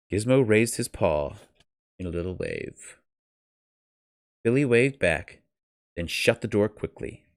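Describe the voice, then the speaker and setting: A man reading a novel aloud on a stream, then chatting casually in an animated, joking way and swearing freely. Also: on the low side, gravelly, no echo, studio quality. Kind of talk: storybook reading and casual chat.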